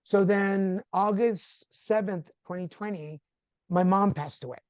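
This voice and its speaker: Man, from Texas, podcast guest, mellow dark voice, acts out quotes, dry slightly muffled recording. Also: high-pitched, unhurried, smooth, no room sound. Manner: animated, acts out quoted dialogue. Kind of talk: conversational storytelling.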